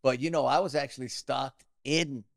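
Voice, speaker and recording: A middle-aged man hosting a casual conversation, playful and expressive as he tells his own stories. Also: medium pitch, normal speed, vocal fry, dry recording, studio quality. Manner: expressive, playful, earnest asides. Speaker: podcast host.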